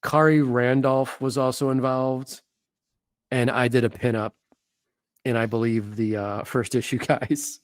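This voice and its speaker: A man's voice: medium pitch, flat delivery, measured pace, no echo. A man who is a comic artist, hosting a casual, enthusiastic chat about comics, full of slang and casual swearing.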